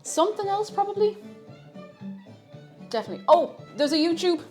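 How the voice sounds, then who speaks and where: A woman streaming live, chatting casually in a scattered, playful way that breaks into sing-song and shouting. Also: very high-pitched, lively intonation, moderate pace, soft background music.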